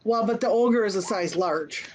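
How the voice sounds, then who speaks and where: A woman's voice: medium pitch, normal speed. A woman playing a tabletop game, arguing rules points casually. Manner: argues rules points with animated emphasis. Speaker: player.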